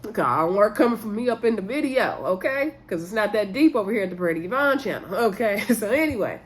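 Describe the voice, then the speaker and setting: A woman hosting a casual reality-show recap vlog, chatty and animated, laughing often and talking straight to her viewers. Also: mid-range voice, fast. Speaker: YouTube reality-show reviewer.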